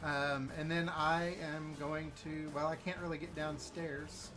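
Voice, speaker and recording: A man taking his turn in a tabletop game. His voice is fairly high for a man. He rambles and hesitates, with plenty of fillers. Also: little pitch movement, unhurried, soft background music. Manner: rambling and hesitant, with loud in-character shouts. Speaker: player. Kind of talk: casual tabletop game play.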